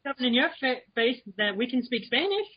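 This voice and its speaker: A man from the United States, a guest on a casual discussion over an online call, who is chatty and quick to give his opinion. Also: very high voice, big pitch swings, slightly rough, lo-fi sound. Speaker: guest panelist.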